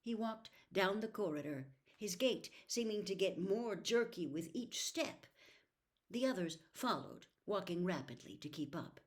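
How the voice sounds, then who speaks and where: Lively woman reading a novel aloud. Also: medium pitch, unhurried. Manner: expressive, lively storytelling. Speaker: reader. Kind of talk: audiobook narration.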